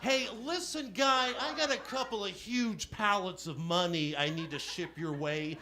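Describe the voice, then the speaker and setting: A man's voice: high voice, a little slow, voice pushed up. A man doing a pushy Hollywood money guy. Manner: brash, loud, jokey.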